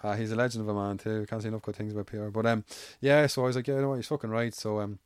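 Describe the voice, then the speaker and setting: A man's voice: lowish voice, flat delivery, rapid-fire, clean tone, no echo, clean studio sound. An Irish man, an amateur MMA fighter, telling stories in casual, rambling, swear-heavy chat. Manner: swears freely, rambling anecdotal.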